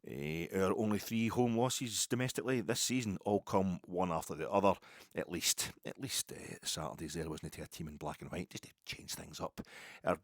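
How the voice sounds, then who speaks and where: Scottish male podcaster, 50s, low voice, dry close mic, loose rambling delivery that keeps restarting. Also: moderate pace, no echo. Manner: rambling, self-interrupting storyteller. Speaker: podcast host. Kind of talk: casual podcast monologue.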